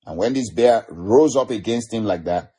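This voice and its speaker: A man's voice: fairly low pitch, normal speed, mellow, husky. A man preaching a sermon, retelling scripture stories with frequent chuckles. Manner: storytelling, chuckling often.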